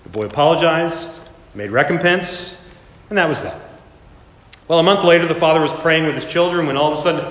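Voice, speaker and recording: A man preaching a sermon, telling a story with dramatic swells and slipping into character voices. His voice sits a little high for a man. It rings out through a large, echoing hall with a long reverb tail. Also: lively intonation, normal speed. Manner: dramatic storytelling, voicing characters with sudden loud rises. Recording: echoey hall, reverberant room.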